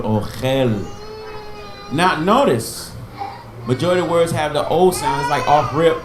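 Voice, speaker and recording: A man's voice: medium pitch, echoey room, a little hiss or hum. A man teaching an informal Hebrew class, patiently sounding out and repeating each word and giving memory tricks. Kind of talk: informal online language lesson.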